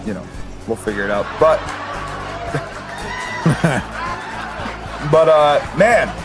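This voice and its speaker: A man's voice: fairly high pitch, big pitch swings, normal speed, over music, a crowd in the background. A young man co-hosting a casual podcast, rambling about wrestling, swearing freely and laughing often. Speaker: podcast co-host.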